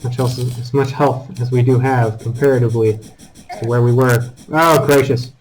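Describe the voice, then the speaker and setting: A man giving casual commentary over his own gameplay, taunting enemies and breaking into high exclamations. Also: moderate pace, rough recording. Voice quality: calls his own voice squeaky. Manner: animated, talks to enemies, jumps to high exclamations. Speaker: gaming channel host.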